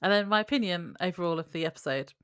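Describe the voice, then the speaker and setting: A woman's voice: fairly low pitch, quick pace, clean tone, no room sound, studio quality. A woman co-hosting a podcast in casual chat, giggly and frank with her opinions. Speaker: podcast co-host.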